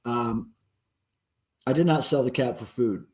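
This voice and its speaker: A man's voice: mid-range voice, measured pace. A man hosting a casual livestream, rambling and answering viewer comments with lots of ums and uhs. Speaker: livestream host.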